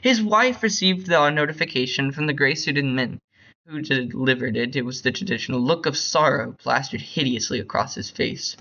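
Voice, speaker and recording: A man's voice: medium pitch, lo-fi sound. Bored young man reading a story aloud. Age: young adult. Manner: bored, flat, hurried reading with slips. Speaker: reader. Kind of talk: unedited reading of a short story.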